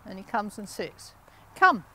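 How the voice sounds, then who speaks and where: A woman from the United Kingdom teaching a dog training class, giving brisk, encouraging commands with lively inflection. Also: high voice, a little hiss or hum.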